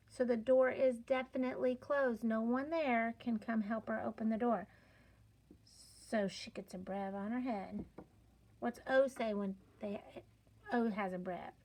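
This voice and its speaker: A woman teaching a children's phonics lesson, spelling out sounds slowly and clearly with playful, encouraging emphasis. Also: a little high, steady tone, darkish tone.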